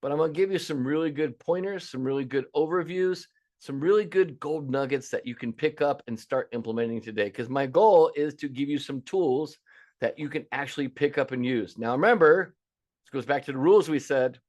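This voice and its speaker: A man's voice: on the high side, fairly quick, darkish tone. Man in his fifties, restaurant coach, webinar lesson, folksy, emphatic. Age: 50s. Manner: folksy, emphatic, acts out quoted callers. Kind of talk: webinar teaching.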